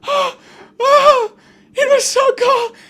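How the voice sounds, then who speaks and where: A man's voice: level tone, takes it slowly, creaky, sharp tone, full character voice. A man voicing a clingy, scared little toy robot boy with a London accent who pleads and whimpers tearfully. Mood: pleading. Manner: pleading, tearful, high-pitched wailing.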